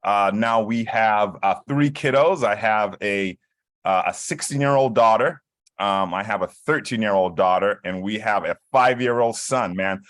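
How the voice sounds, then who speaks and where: A man in his forties from Saint Kitts talks in a low, dry voice on a video call. He tells stories in a relaxed, chatty way, full of fillers and restarts. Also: unhurried, no echo. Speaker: guest. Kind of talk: casual interview over video call. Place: hotel room.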